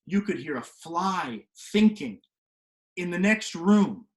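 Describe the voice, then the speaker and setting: A man telling a story to the camera from his home kitchen, animated and swinging from hushed to loud. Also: high voice, slow. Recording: echoey kitchen room.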